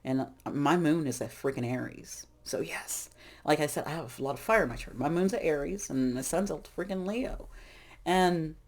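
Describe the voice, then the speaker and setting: A woman's voice: sits low, moderate pace, darkish tone. A middle-aged woman, a tarot reader, talking casually about spiritual growth in a rambling, frank way that often breaks off and restarts. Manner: rambling, frank, self-interrupting.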